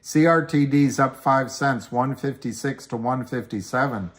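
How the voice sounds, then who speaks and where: At medium pitch and a moderate pace, a middle-aged man runs a casual livestream chatting about stocks. He's rambling and self-deprecating, talking through his trades and answering what viewers write in the comments.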